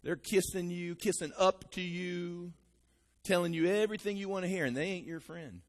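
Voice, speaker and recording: A male pastor preaching an animated sermon, talking straight to his congregation. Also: sits high, moderate pace, in a large hall.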